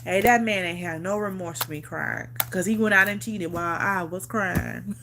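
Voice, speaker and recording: Bright-voiced woman telling it straight. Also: fairly low pitch, normal speed. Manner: emphatic and repetitive, laughs often; swears freely. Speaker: vlogger on a livestream. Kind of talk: casual storytelling chat.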